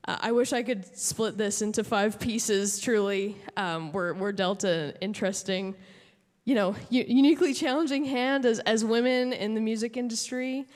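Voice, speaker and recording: A woman from Alberta giving an emotional award acceptance speech from a stage, halting with many fillers and restarts. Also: on the high side. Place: large hall at an awards show. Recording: long hall reverb.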